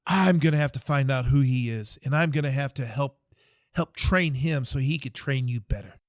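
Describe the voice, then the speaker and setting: A man voicing an impatient army captain who berates a soldier with rapid questions, in a dry recording. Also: mid-range voice, dry recording, natural voice. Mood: contemptuous.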